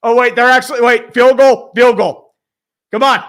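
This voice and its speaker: A man's voice: extremely high pitch, moderate pace. A man streaming a live football game, calling plays as a fan, swearing, laughing and reading chat. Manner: excitable, swears, laughs, shouts at big plays. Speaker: streamer doing live play-by-play.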